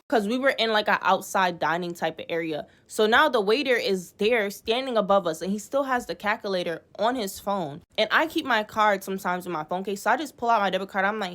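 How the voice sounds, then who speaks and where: A young woman telling a storytime to camera in a casual, animated way, swearing freely and acting out quotes with exasperation. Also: medium pitch, a little fast. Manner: animated, profane, exasperated retelling with acted-out quotes.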